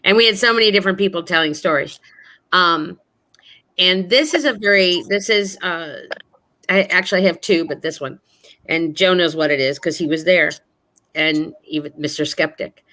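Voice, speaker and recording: Woman guest, casual ghost-story teller, lowish bright tone, earnest and rambling. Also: normal speed. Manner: rambling, filler-heavy, earnest.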